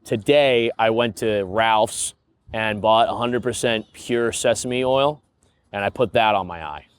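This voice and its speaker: A man's voice: on the low side, a little slow, smooth. A young man hosting a podcast, rambling through a casual comedic monologue and laughing at his own stories. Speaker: podcast host.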